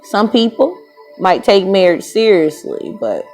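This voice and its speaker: A woman's voice: medium pitch, very animated, measured pace, a little mellow, faint music behind, poor audio. A woman in her thirties casually telling a personal story, rambling and correcting herself as she goes. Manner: rambling, self-correcting, candid. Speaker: vlogger.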